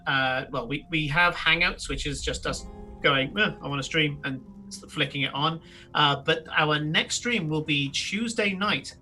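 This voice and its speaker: Bright-voiced man, game master. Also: a little high. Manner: rambling, lots of fillers and restarts. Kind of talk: live-streamed tabletop game, narrating and chatting.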